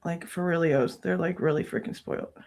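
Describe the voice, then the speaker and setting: A woman's voice: fairly low pitch, steady tone, brisk, a little mellow. A woman in her thirties hosting a true crime livestream, venting angrily with frequent swearing in casual commentary.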